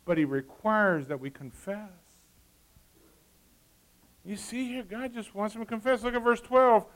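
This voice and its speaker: A middle-aged man preaching a sermon, swinging between loud emphasis and quiet asides. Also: high-pitched, a little slow, poor audio.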